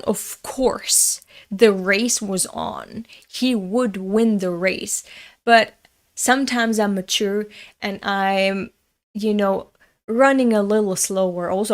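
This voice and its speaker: Slow-talking chatty woman storyteller. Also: medium pitch. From Europe. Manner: chatty, laughs often, self-mocking. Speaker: host reading a manga. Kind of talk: casual storytelling and manga commentary.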